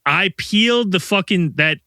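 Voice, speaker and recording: Podcast co-host, man, foul-mouthed ranting storyteller, bright and dry sound. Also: high-pitched, a little slow, smooth, dry recording. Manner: profane, animated storyteller, ranting. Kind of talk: casual chat.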